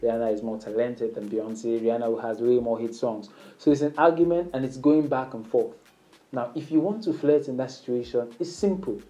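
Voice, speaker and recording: Speaking casually to the camera at a moderate pace, a man gives instructive flirting advice as a dating advice speaker, acting out sample lines in a higher, playful voice. His tone is dark and the audio is poor.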